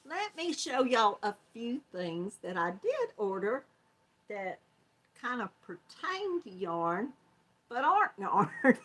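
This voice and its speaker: Chatting folksily and often laughing, an older woman with a Southern American accent hosts a casual crochet livestream from Georgia. Her voice is fairly high and a bit bright.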